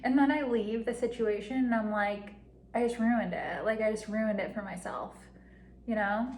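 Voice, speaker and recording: Young woman vlogger, rambling confessional chat, slightly high voice, echoey room. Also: moderate pace, a little mellow. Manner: rambling, heavy use of "like", frequent giggles. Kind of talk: casual confessional monologue. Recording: echoey room with faint ambient noise.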